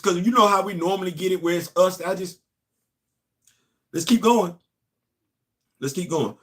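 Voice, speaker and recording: A middle-aged man, hosting casual comics commentary, talking straight to viewers and often getting loud and excited. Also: on the high side. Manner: animated, talks straight to the audience, rising to loud exclamations. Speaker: host of a comics commentary channel.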